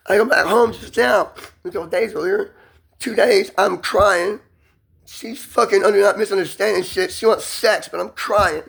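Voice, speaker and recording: A man in an intense, rambling personal monologue, emphatic and profane, often rushing and restarting his sentences. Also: high-pitched, vocal fry, a bit bright, slightly rough.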